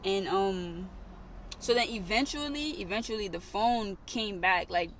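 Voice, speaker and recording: Bright-voiced young woman telling a story. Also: medium pitch, a little slow, slight background noise. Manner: rambling, repeats herself, many "like" fillers. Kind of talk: casual storytime chat.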